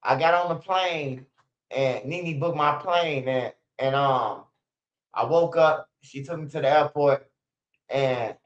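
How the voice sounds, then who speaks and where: On dull, roomy, lo-fi stream audio, a man in his 40s talks slowly in a fairly high voice. As the channel host, he spins casual, profanity-laced stories that wander, full of restarts and laughter.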